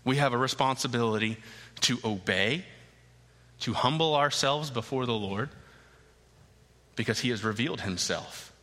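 Man, pastor, sermon, emphatic repeated phrases, tense bright tone, long church reverb. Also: mid-range voice. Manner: emphatic, repeats key phrases with slow deliberate stresses. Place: church sanctuary.

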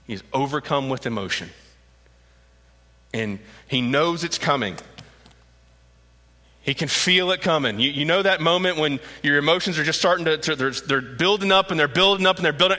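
A man preaching a sermon, telling the story with lively animation and acting out the quotes. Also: medium pitch. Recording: echoey hall.

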